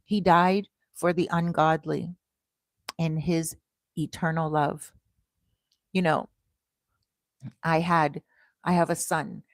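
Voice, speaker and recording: A woman from Canada in her thirties hosting a casual livestream, telling stories slowly and greeting viewers with bursts of excitement. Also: low-pitched, no room sound. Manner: slow, deliberate storytelling that turns to bright, excited greetings to viewers. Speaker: livestream host.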